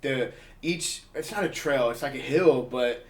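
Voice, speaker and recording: A man's voice: mid-range voice, unhurried, reverberant. Profane, slangy young man telling stories. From California. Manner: profane, slangy, acts out quotes. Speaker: podcast host. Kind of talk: casual storytelling chat. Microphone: portable handheld recorder.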